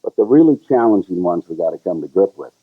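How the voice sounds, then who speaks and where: Husky-voiced man telling a story. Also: quick pace. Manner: animated storyteller who sings high "la la" bits. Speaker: show co-host. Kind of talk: casual storytelling chat. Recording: tinny, phone-like, lo-fi sound.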